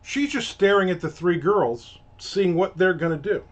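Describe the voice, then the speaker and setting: Dull lo-fi audio carries a man's high, expressive voice at normal speed. He's the host of a casual rant, recounting a story with plenty of profanity and exasperation.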